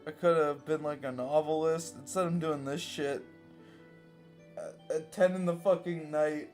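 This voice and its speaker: A young man with a fairly high voice reads fanfiction aloud and comments on it in an exasperated, self-mocking way. He swears freely and laughs often between lines. Faint guitar music plays behind him. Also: fairly even intonation, measured pace, darkish tone. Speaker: reader reacting to fanfiction. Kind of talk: comedic fanfiction reading with commentary.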